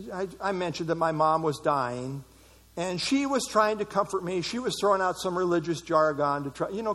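A middle-aged man preaching a sermon, emphatic, with dramatic pauses. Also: high voice, a bit bright. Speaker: pastor.

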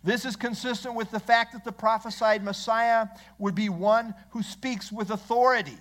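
A man preaching an expository sermon, measured and earnest, leaning on key phrases for emphasis. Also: high-pitched, fairly even intonation, a bit bright. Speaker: pastor.

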